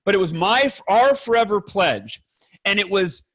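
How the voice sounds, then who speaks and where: A man's voice: high-pitched, very animated, moderate pace, a bit bright, poor audio. A man speaking as a guest on a podcast, earnest and emphatic, talking bluntly with fellow fathers and swearing now and then. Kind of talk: candid podcast conversation.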